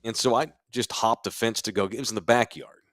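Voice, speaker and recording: A man's voice: fairly low pitch, steady tone, brisk, a bit bright, no room sound. A middle-aged man from Texas co-hosting a casual podcast from a sports bar studio, telling loose, rambling stories. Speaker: podcast co-host.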